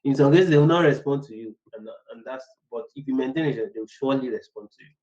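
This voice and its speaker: A man's voice: mid-range voice, fast talker, darkish tone, muffled recording. A man teaching business analysis in a casual, rambling way. He repeats words and acts out short workplace exchanges. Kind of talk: casual online lecture.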